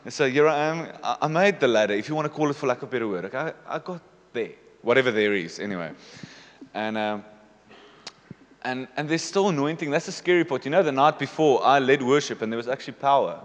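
Pastor in a reverberant church hall. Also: male voice, mid-range voice, expressive, quick pace. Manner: confessional, repeats "okay?" to the congregation. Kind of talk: personal testimony in a sermon.

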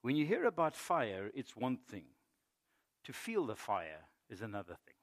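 A middle-aged male pastor giving a sermon, moving between loud emphatic preaching and quiet storytelling. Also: medium pitch, huge pitch swings, moderate pace. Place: church.

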